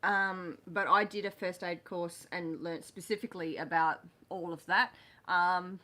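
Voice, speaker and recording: A woman's voice: fairly low pitch, fairly even intonation, pushed and bright. A woman co-hosting a farm channel live stream from home, chatting candidly and teasing her co-host. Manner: chatty, candid, quick to tease. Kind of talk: casual live-stream chat. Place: home living room.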